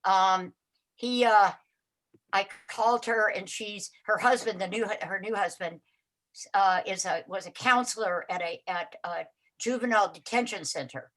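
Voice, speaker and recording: An older woman telling her own recovery story on a live talk show, acting out what people said and sometimes crying out loudly. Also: mid-range voice, measured pace. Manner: acts out her own cries and other people's voices, getting loud and shouty.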